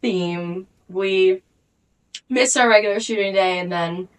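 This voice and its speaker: A woman's voice: medium pitch, takes it slowly, clean tone, rough recording. A young woman co-hosting a podcast, telling stories in casual chat, laughing often and acting out what people said. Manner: animated storytelling, laughs often, acts out quotes. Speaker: podcast co-host.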